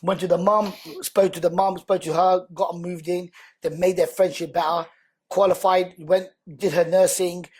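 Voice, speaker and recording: A man, a podcast guest, telling his story in a lively, conversational way and acting out the dialogue. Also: sits high, normal speed, husky. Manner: animated, acts out quoted dialogue.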